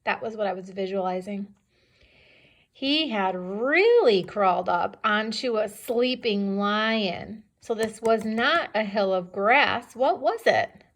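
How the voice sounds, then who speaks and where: A woman's voice: medium pitch, animated, takes it slowly, a bit bright. A woman teacher reading a story aloud to young children, patiently stopping to ask them questions. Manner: patient, questioning, checks understanding. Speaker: second-grade teacher.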